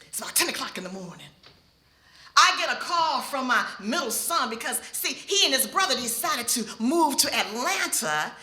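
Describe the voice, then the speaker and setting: A middle-aged woman telling a personal story on stage before an audience, expressive and speaking straight to the listeners. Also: high-pitched, moderate pace. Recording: echoey hall.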